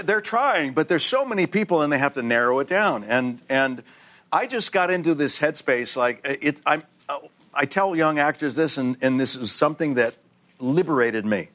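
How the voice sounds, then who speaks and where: A middle-aged man sits as a guest on a studio talk show and spins an animated anecdote, slipping into other people's voices as he goes. His pitch sits in a plain middle range, and laughter keeps breaking through the telling. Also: normal speed. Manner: lively storyteller, acts out voices, laughs often. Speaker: guest actor.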